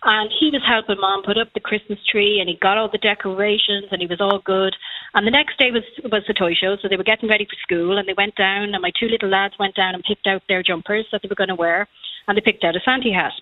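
A woman's voice: medium pitch, steady tone, fast, no room sound. Irish woman telling a story over the phone. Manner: chatty storytelling, acts out quotes. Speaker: caller. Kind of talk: personal story on a radio phone-in. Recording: tinny phone line.

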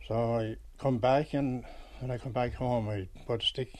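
A man's voice: medium pitch, fairly even intonation, moderate pace, darkish tone. An Irish man in an interview, recounting his own story in a rambling, homely way with many restarts. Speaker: pilgrim interviewee.

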